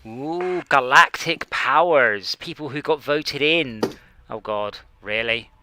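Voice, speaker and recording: A man's voice: mid-range voice, takes it slowly, noisy background. A man streaming a space game, chatting casually and mocking himself as he plays. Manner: rambling, self-mocking, talks to himself while playing. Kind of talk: casual gaming chat.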